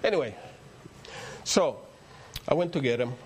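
A man's voice: mid-range voice, lively intonation, a little slow, a little hiss or hum. An older man with a Spanish accent, a native Spanish speaker, preaching a rambling, story-filled sermon that builds to emphatic peaks. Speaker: pastor.

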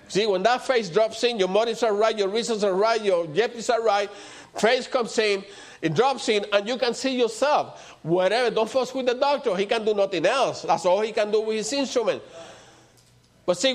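A man preaching a sermon as pastor, asking the congregation rhetorical questions and answering them, swinging between loud emphatic lines and low quiet ones. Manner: rhetorical questions with call-and-response.

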